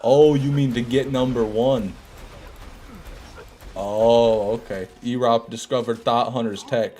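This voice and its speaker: A man's voice: medium pitch, steady tone, slow, mellow. Joking man streaming a game. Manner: joking, sarcastic banter with chat. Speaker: streamer reading chat. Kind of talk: casual live-stream commentary.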